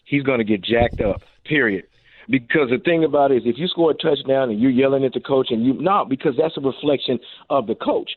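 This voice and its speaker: A man's voice: mid-range voice, fairly quick, dry recording. A middle-aged former football receiver and coach, calling in to a radio interview. He tells his stories with energy and acts out the things he said to people. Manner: animated storyteller, acts out his own quotes. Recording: tinny phone line.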